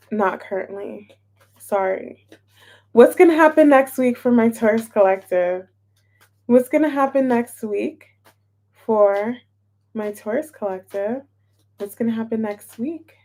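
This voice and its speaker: A woman's voice: fairly high pitch, warm tone. A woman giving a casual live tarot reading, chatty and a little scattered, repeating herself and greeting viewers in the chat. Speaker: tarot reader.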